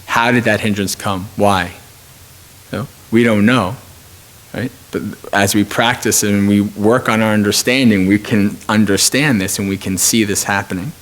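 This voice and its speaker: A man's voice: lowish voice, fairly even intonation, moderate pace, fairly bright tone. A man teaching meditation at a retreat, speaking informally and thinking aloud with frequent restarts. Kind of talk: dharma talk at a retreat.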